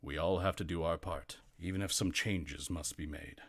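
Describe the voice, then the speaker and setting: A man's voice: sits low, steady tone, normal speed, no room sound, clean studio sound. A man voicing a dutiful warforged soldier. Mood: resolute. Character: loyal, resigned male warforged soldier.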